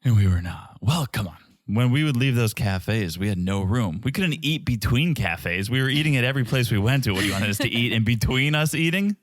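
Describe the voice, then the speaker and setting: A man's voice: mid-range voice, lively intonation, fairly quick, dry recording. Joking male podcast co-host, dry sound. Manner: joking, rambling storyteller. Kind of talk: casual chat.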